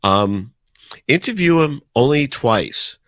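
A man's voice: mid-range voice, takes it slowly, no echo, studio quality. A man in his sixties with a New York accent, telling stories in a casual chat and acting out the people he quotes. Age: 60s. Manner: animated storyteller, acts out quotes. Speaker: radio DJ guest. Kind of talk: casual storytelling.

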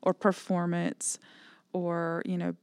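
A woman co-hosting a faith podcast, reflective and measured. Her voice is smooth and resonant, a bit low, with an even, flat delivery. It is recorded close and dry. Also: dry recording. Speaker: podcast co-host. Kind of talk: casual faith discussion.

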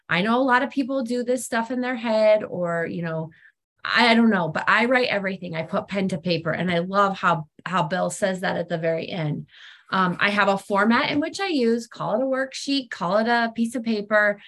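A middle-aged woman talking candidly about her recovery practice, frank and self-deprecating, growing animated when she quotes herself. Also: mid-range voice. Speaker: speaker sharing on recovery program. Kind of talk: candid personal sharing talk.

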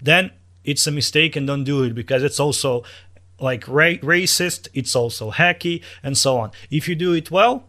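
A man with a talks through his views in relaxed podcast chat. He builds his case with analogies and often breaks off to restart a sentence. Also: on the high side, normal speed. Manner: thoughtful, explains with analogies, frequent restarts. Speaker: podcast co-host. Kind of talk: casual chat. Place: Moscow.

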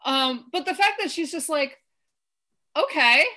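A woman co-hosting a casual chat about a film, animated, laughing often and acting out quotes. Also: high-pitched, moderate pace. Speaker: podcast co-host.

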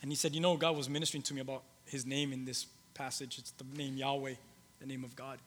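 A male pastor preaching a sermon, shifting between loud emphatic lines and soft, low storytelling, with halting restarts and repeated phrases. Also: flat delivery, a little hiss or hum. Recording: long hall reverb.

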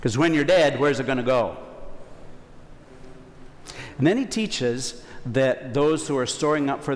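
A man's voice: mid-range voice, in a large hall, slight background noise. A man preaching a Sunday homily as a priest in a conversational, folksy way, acting out quotes.

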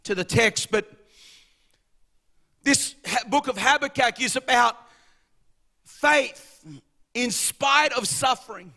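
A man preaching a sermon as pastor, impassioned, swelling to shouts and dropping low, and calling the congregation to answer back. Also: takes it slowly, gravelly, pauses often. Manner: calls for congregation responses.

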